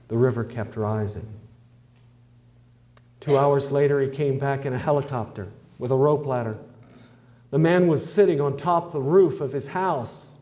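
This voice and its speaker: Man for a folksy testimony, mellow, mid-pitched, homespun storyteller. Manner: homespun, conversational, with fillers and "I says". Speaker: testimony speaker.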